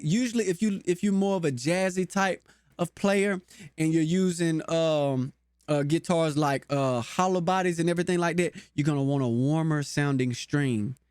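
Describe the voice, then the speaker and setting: A talkative man with a runs a casual guitar lesson and chats with his viewers in a folksy way. His voice sits high for a man. The sound is dry and close, with no room echo. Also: a little mellow. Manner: chatty, folksy and talkative, addresses viewers directly. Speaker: guitar teacher and channel host.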